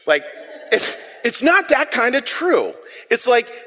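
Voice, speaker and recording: A man's voice: very high voice, big pitch swings, slow pace, sharp tone, in a large hall. A man preaching an interactive sermon, calling the congregation to repeat words back to him in a playful, self-deprecating way. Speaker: pastor. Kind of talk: interactive sermon with audience call-and-response. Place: church sanctuary.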